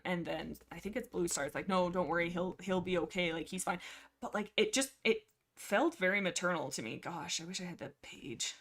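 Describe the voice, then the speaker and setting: A woman hosting a livestream, chatting casually and rambling through a book discussion with many fillers and restarts. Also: lowish voice. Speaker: livestream host.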